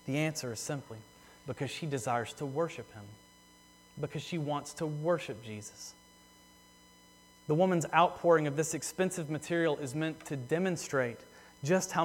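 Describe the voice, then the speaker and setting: Earnest preacher in a reverberant church. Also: male voice, fairly high pitch, a bit bright. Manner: earnest, repeats phrases for emphasis, slows on key words. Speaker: pastor. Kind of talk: sermon. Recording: long hall reverb.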